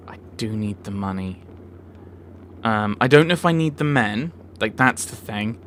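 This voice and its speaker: A man's voice: lowish voice, expressive, a little slow, a bit bright, a little hiss or hum. A man narrating a game playthrough, reading dialogue aloud and muttering wry comments. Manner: wry, self-mocking muttering. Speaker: let's play host.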